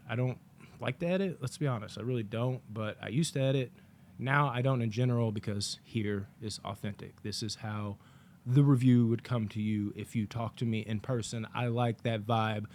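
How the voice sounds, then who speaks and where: A man's voice: mid-range voice, fairly even intonation, moderate pace, darkish tone, slight background noise. A man casually reviewing a movie on his vlog, telling long stories in a rambling, profane way with lots of fillers.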